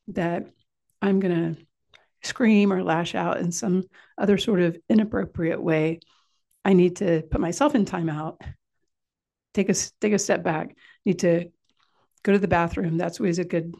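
Calm, low, gravelly-voiced woman teaching. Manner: calm, explanatory, coaching. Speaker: parenting speaker. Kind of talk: informal instructional talk.

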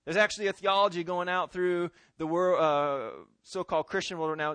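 A pastor preaching a sermon and reading scripture, swinging between loud emphatic stress and hushed pleading. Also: male voice, high voice, a little fast, few pauses, smooth, no echo.

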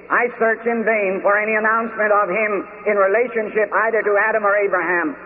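High-voiced preacher in an echoing hall. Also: male voice. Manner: deliberate, emphatic preaching with slowed stresses. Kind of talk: sermon. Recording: tinny phone-like archive recording in a long-reverb hall.

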